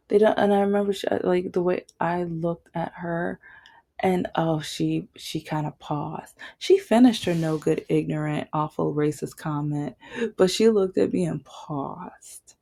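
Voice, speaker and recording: Woman vlogger, low and gravelly, mellow tone, talks off the cuff, blunt and emphatic. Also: steady tone, a little slow. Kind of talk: unscripted ranting commentary.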